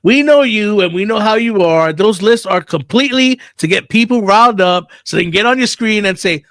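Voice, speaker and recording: A man's voice: high voice, expressive, brisk, hardly any pauses, a bit bright, no room sound, studio quality. A man hosting a casual podcast, who rambles and repeats words as he starts his thoughts. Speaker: podcast host.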